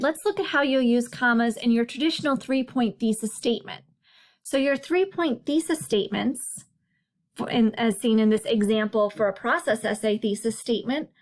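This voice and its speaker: Patient woman explaining a writing lesson. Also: a little high. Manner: clear, patient explaining with slow emphasis on examples. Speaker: writing tutor. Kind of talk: narrated slide lesson.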